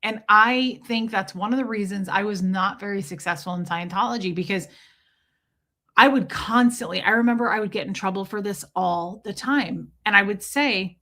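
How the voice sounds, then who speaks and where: A woman's voice: mid-range voice, moderate pace, pushed and bright. A woman hosting a casual livestream, talking to viewers in a chatty, rambling way with many restarts. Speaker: YouTube livestream host. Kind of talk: casual livestream chat, reading viewer comments.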